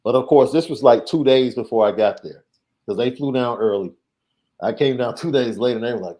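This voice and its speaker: A man co-hosting a casual sports talk show, measured, repeating his points for emphasis. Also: mid-range voice, dark tone. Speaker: podcast co-host, recruiting analyst.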